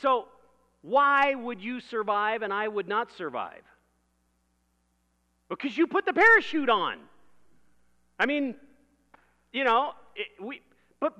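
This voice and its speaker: A man's voice: sits high, pushed and bright, in a large hall, lo-fi sound. A man preaching a sermon in a conversational way, building vivid everyday illustrations and laughing at his own jokes.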